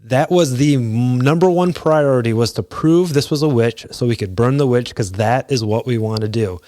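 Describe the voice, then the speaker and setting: A man in his forties hosting a podcast, talking casually and retelling scenes in bursts of higher pitch. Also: mellow. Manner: conversational, retells scenes with quick pitch jumps. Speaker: podcast host. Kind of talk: casual solo talk.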